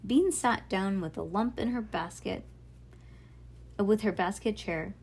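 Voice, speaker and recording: Husky woman reading a children's book. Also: mid-range voice, unhurried, darkish tone. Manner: informal, stops to correct misreadings. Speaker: reader.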